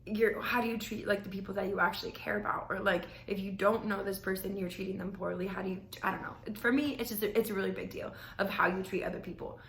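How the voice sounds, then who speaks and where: Chatty young woman, bright roomy voice. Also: mid-range voice, steady tone, fast talker, hardly any pauses. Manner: chatty, rambling, heavy use of "like". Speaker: podcast host. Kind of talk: casual storytelling. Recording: roomy echo.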